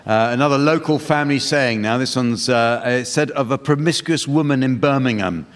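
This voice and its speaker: A man hosting a comedy panel game on stage before a live audience, dry and deadpan. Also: medium pitch, moderate pace. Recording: reverberant hall, loud noise.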